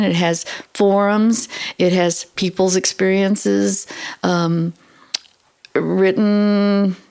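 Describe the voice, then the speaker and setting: A middle-aged woman hosting a podcast, telling her own story in an earnest, expressive way that often speeds up. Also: medium pitch, creaky. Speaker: podcast host. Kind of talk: personal storytelling monologue.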